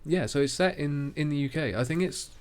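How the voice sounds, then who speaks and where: A man co-hosting a casual podcast chat, halting and restarting his sentences. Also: a little high. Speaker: podcast co-host.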